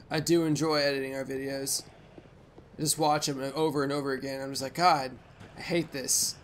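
A young man hosting a let's play, giving rambling, profane gameplay commentary with sudden loud outbursts. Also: mid-range voice, level tone, normal speed, pauses often, a little hiss or hum.

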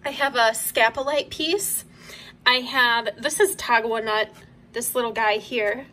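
A young woman, chatting casually and enthusiastically as she shows off her collection at home, sometimes dropping to soft asides. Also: a little high, steady tone, a little slow. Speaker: vlogger. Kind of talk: casual show-and-tell. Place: home room.

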